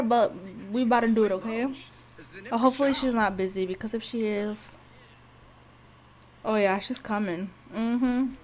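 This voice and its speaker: A woman giving casual gameplay commentary, cursing and shouting at the game and speaking to viewers in slangy talk. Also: on the high side, unhurried, pauses often. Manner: profane, loud outbursts at the game; slangy, talks to viewers directly. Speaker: gameplay video host.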